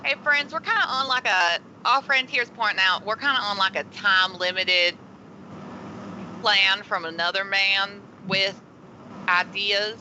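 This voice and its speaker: Nell, a loud, tipsy adventurer, as a player puts her on, rambling and doubling back in a very bright, sharp voice. This is tabletop game role-play. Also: medium pitch, unhurried, muffled recording, a little hiss or hum. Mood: chatty.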